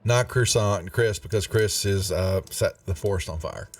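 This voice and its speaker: A man's voice: on the low side, moderate pace, distant mic. A man narrating a tabletop game as dungeon master, casual and full of fillers. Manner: casual, drawling, many fillers. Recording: voice from off the mic, faint music.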